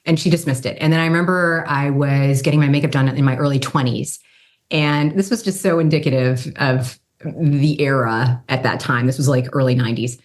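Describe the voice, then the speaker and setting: A woman in her fifties with a low-pitched voice tells stories in a relaxed, chatty way. She keeps leaping up in pitch to act out the people she quotes. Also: a little fast. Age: 50s. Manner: animated, acts out quoted people with pitch jumps. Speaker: guest, brand strategy consultant and model. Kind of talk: casual storytelling in an interview.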